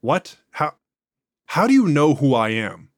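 A man's voice: a little high, very animated, measured pace, no room sound, clean studio sound, voice pushed up. A man voicing a male interrogator who reasons earnestly with his subject. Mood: alarmed. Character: patient male interrogator losing his nerve.

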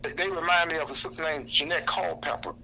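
A man's voice: a little high, fairly even intonation, fast, vocal fry, a crowd in the background, poor audio. A man with a St. Louis accent talking on the radio in an impassioned, preacherly way, repeating himself for emphasis. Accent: St. Louis, Missouri. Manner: preacherly, repetitive, acts out quoted voices. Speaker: activist guest.

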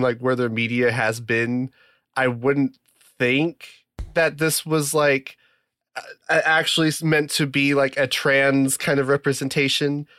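A man co-hosting a casual podcast, thinking aloud with halting restarts and careful hedges. His voice sits at an ordinary pitch and is recorded dry and close. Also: a bit bright, no room sound. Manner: searching, hedging, halting restarts. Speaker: podcast co-host.

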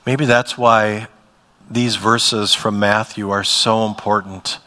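A man preaching a church sermon in a conversational way, moving between emphatic bursts and hushed, soft passages. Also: fairly low pitch, flat delivery, takes it slowly, long reverb tail, slight background noise. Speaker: pastor. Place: church sanctuary.

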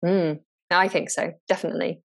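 A woman who teaches English, a guest in a relaxed interview, talking thoughtfully and often restarting her sentences. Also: fairly low pitch, a little fast, creaky. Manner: thoughtful, frequent restarts and repeated words. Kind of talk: casual conversational interview.

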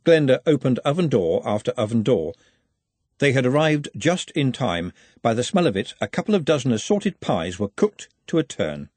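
Brief: male audiobook narrator, husky, lively intonation, dry close sound. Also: medium pitch, moderate pace, no room sound. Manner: expressive storytelling. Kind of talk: scripted narration.

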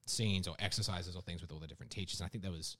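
Young Australian man, mild accent, lower voice, animated storyteller who acts out quotes. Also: very fast. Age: 20s. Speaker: guest performer. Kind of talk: casual interview storytelling.

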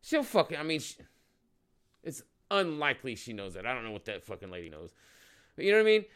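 A man's voice: mid-range voice, wildly swooping pitch, fast talker, a bit bright, clean tone. A male podcast host giving heated, rambling, profanity-laden casual commentary.

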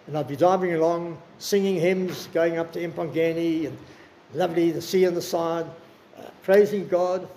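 An older man preaching with earnest, personal warmth, his voice a little high with a gravelly edge. He slows down to stress his words. Faint room noise sits under the recording. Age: 60s. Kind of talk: sermon.

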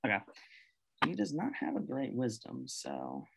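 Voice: mid-range voice, wildly swooping pitch, measured pace, creaky, very noisy. A game master narrating a tabletop game in a casual, rambling way, full of fillers.

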